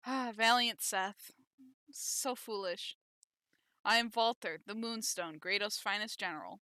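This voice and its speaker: A woman's voice: medium pitch, measured pace, bright, forceful tone, no echo. A woman reading aloud as a cruel, mocking male villain general who rides a dragon. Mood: taunting. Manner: mocking, taunting.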